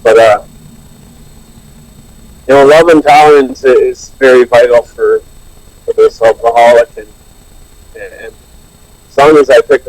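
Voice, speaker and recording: A man's voice: medium pitch, fairly even intonation, measured pace, long pauses, a little mellow, no room sound, poor audio. A man earnestly sharing his recovery story at a support meeting, with many restarts. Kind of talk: personal recovery share. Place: online meeting.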